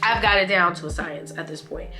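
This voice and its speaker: A woman's voice: fairly low pitch, fairly quick, pushed and bright, soft background music. A young woman vlogger and single mother, talking in a casual, candid and slangy way with lots of fillers. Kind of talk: casual sit-down vlog talk.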